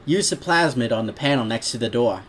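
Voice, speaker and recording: A brisk Brooklyn-accented radio contact in a read-aloud story, voiced by a man. The instructions come out plain and to the point, a bit louder than the narration. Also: mid-range voice, lively intonation, slight background noise, lightly acted.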